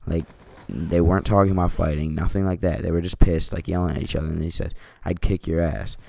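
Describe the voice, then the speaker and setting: A teenage guy with a very low, gravelly voice tells a story from home. He rambles casually, fills his talk with "like" and swears freely. His tone is dark and mellow. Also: fairly even intonation, fast. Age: teens. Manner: rambling, heavy use of "like", swears. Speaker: vlogger.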